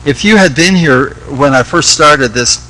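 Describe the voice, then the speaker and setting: A man's voice: on the high side, a little slow, bright, forceful tone, low-quality recording. A man leading an informal Bible study, reading scripture aloud and asking rhetorical questions in a conversational way.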